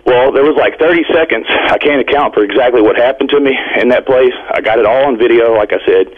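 A man from Indiana calling in to a radio show, telling a rambling, excited story with nervous laughs. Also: mid-range voice, fast talker. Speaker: caller. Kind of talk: phone-in storytelling. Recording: tinny phone line.

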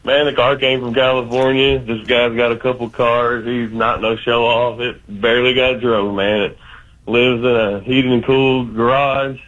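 A man's voice: medium pitch, level tone, normal speed, fairly bright tone, highs cut off. A man from Arkansas with a Southern accent, calling a radio show and chatting in an easygoing, rambling way. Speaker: caller. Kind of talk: phone call-in chat.

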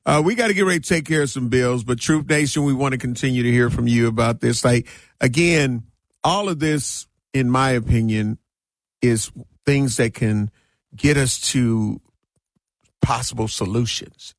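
A man's voice: mid-range voice, moderate pace, dry recording. A man hosting a talk radio call-in show, speaking emphatically.

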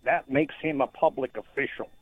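A man's voice: medium pitch, moderate pace, no room sound, close to an everyday voice. A man calling a radio show in a put-on drawling accent, pressing accusations against officials. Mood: accusing. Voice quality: gravelly, husky put-on accent. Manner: accusing, insistent, talks over the host. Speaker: caller. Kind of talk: call-in radio complaint. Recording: tinny phone line.

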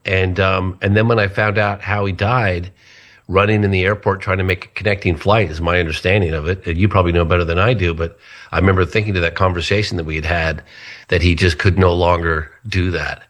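A man, a guest in an interview, telling anecdotes in a lively way and acting out the people he quotes. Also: fairly quick. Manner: animated retelling, acts out quoted voices higher. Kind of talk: anecdotal storytelling.

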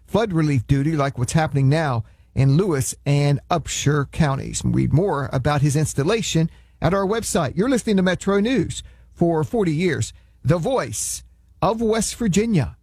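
A male radio news anchor reads the headlines in a brisk, announcer-style way. His voice has a husky edge and sits fairly high for a man. The dry studio sound keeps him close. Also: lively intonation, a little mellow, no room sound. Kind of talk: news reading.

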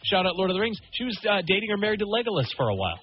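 A man's voice: sits high, sing-song, very fast, highs cut off, faint music behind. A man co-hosting a radio show, chatting casually with rambling asides. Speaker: radio co-host.

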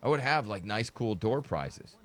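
A man's voice: lowish voice, animated, measured pace. A man co-hosting a radio show, bantering casually and telling jokey stories.

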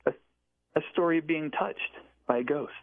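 A man co-hosting a talk show, explaining in a hesitant, halting way. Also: fairly high pitch. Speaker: co-host. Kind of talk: casual chat. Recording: dry, phone-like sound.

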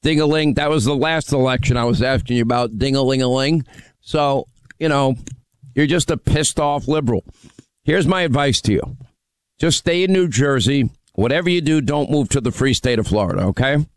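A man's voice: mid-range voice, moderate pace, clear, resonant tone, no echo. Brash man hosting talk radio. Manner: brash, needling, mocking. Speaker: radio talk show host. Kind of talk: combative call-in radio talk. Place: radio studio.

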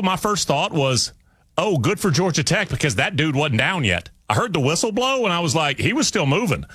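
A man's voice: mid-range voice, pushed and bright, no echo. A man hosting sports talk radio, breaking down a game in a conversational, emphatic way. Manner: conversational, emphatic, talks through restarts.

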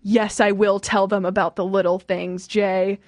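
Giggly young woman hosting, slow and dry. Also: medium pitch, flat delivery, dry recording. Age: 20s. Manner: giggly, chatty, reads listener messages aloud. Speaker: radio show host. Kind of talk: casual storytelling chat.

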